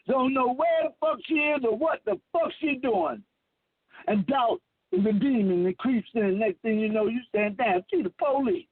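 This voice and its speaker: A man in his fifties who calls himself a messiah preaches in a rambling, emphatic monologue full of swearing. His voice is very high at normal speed. The tinny phone line is dry with no room sound.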